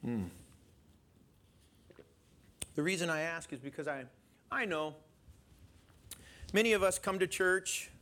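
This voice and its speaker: Animated bright-voiced male preacher. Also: on the high side, normal speed. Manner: animated, questions the congregation, chuckles. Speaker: pastor. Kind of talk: sermon.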